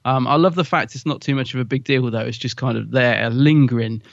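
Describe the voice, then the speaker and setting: Male podcast co-host, gravelly, dry close sound, musing and rambling. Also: mid-range voice, brisk, no echo, highs cut off. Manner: rambling, musing, lots of fillers. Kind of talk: casual chat.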